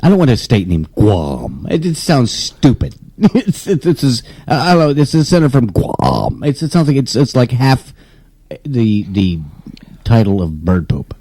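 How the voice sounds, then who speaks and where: A man's voice: medium pitch, very animated, normal speed, warm tone, no room sound. A man co-hosting a casual comedic chat, dry, sarcastic and teasing. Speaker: co-host.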